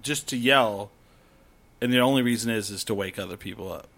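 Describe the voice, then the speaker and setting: A man's voice: fairly low pitch, fairly quick, gravelly, fairly bright tone. A man chatting casually, rambling through camping stories, swearing freely and acting out rowdy campers. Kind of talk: casual chat.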